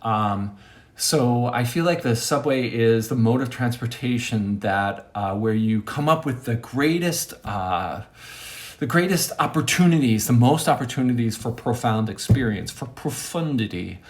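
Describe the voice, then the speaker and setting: Rambling comic male storyteller. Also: measured pace. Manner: rambling, self-interrupting, lively pitch jumps. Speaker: monologue host.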